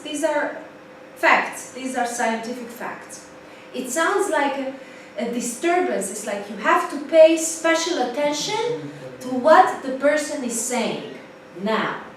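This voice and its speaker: A woman teaching an English class in a lively way, repeating key points for emphasis. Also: high voice. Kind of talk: live class lecture. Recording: distant mic, very echoey room, faint noise.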